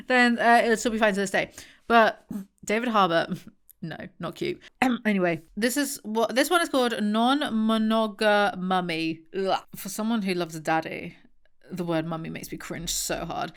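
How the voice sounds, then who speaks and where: A woman's voice: mid-range voice, lively intonation, moderate pace, pushed and bright. A young woman chatting casually and sarcastically as she reacts to song lyrics, swearing and laughing as she goes.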